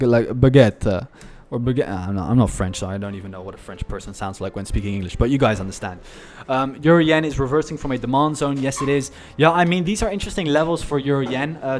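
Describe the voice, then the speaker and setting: Chatty male trading streamer. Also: mid-range voice. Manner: casual, chatty, addresses viewers as guys. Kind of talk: live stream commentary.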